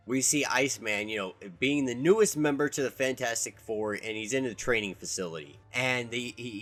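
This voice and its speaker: A man of middle pitch giving a casual comic book recap. He rambles loosely, circling back on his words with plenty of restarts and fillers. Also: fairly bright tone.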